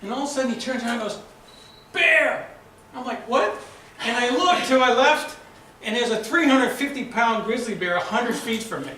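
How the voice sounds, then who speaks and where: A man with a Boston accent giving a prepared storytelling speech at a club meeting, a lively storyteller who acts out shouted quotes. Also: very high voice, fast talker, a little hiss or hum. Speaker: club speaker. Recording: echoey room from far off.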